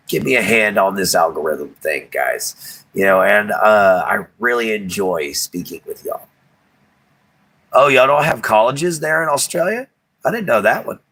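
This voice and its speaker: Livestream host, low husky voice, forceful, folksy and rambling, chuckles a lot. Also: male voice, poor audio. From Texas. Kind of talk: casual chat with live viewers.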